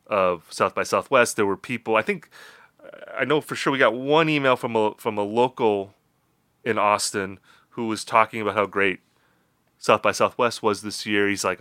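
A man's voice: medium pitch, bright, forceful tone, clear, resonant tone, dry recording, clean studio sound. A young man with a Midwestern accent co-hosting a podcast, chatting casually and rambling with lots of fillers and restarts. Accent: Midwestern American. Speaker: podcast co-host.

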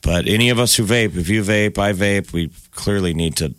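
A man co-hosting a morning radio show, chatting casually and telling animated stories. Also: fairly low pitch, moderate pace, smooth, no echo, clean studio sound. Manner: animated storyteller, acts out quotes. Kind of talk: casual radio banter, storytelling.

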